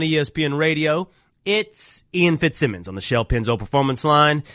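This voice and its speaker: A man hosting a sports talk radio show, animated and joking with quick asides. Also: on the high side, no room sound, clean studio sound.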